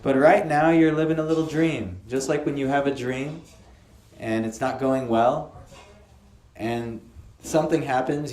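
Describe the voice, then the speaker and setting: Lively man teaching in an echoey room. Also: mid-range voice, a little hiss or hum. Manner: lively, asks the audience questions. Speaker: spiritual teacher. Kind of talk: lecture on scripture to a small group. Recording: echoey room, faint ambience.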